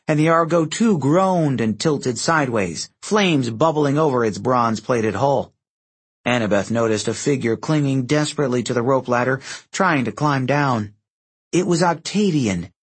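Male audiobook narrator, expressive, husky tone, animated intonation. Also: mid-range voice. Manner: expressive reading, voicing each character. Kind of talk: scripted narration.

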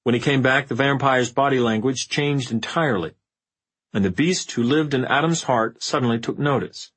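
A man narrating a fantasy audiobook in a measured, even storytelling manner. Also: mid-range voice, slightly rough, poor audio. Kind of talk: scripted narration.

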